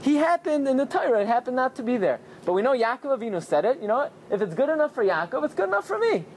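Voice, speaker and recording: A man giving an animated Torah class, telling the story with lots of rhetorical questions. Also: extremely high pitch, quick pace, a little hiss or hum. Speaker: rabbi teaching Torah.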